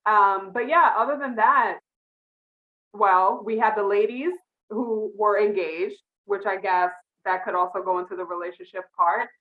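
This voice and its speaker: A woman's voice: medium pitch, fairly even intonation, unhurried. Chatty woman with dull lo-fi sound. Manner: chatty, laughs through her lines. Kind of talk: casual TV recap chat.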